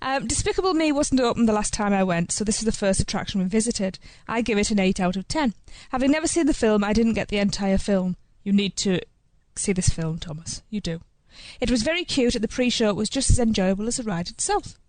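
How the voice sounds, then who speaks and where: A woman's voice: medium pitch, expressive, fairly quick, hardly any pauses, darkish tone, no room sound. A woman co-hosting a podcast, reading out a listener's trip report and laughing easily. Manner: giggly, easily amused. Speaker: podcast co-host.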